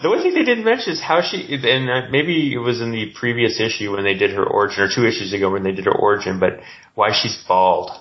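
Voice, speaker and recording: Podcast co-host, male, low voice, rambling and halting, muffled lo-fi sound. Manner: rambling, halting, many restarts. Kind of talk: casual chat.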